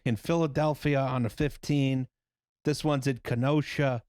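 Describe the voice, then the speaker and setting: A man's voice: medium pitch, steady tone, a little slow, a little mellow, clean tone, dry recording, clean studio sound. A man hosting a casual podcast, joking sarcastically with his co-hosts. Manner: wry, sarcastic, reads listener letters. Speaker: podcast host.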